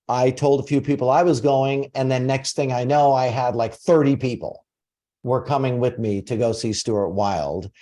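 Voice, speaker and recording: A man in his forties hosting a casual group coaching call, telling stories with animated energy. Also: mid-range voice. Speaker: host and coach.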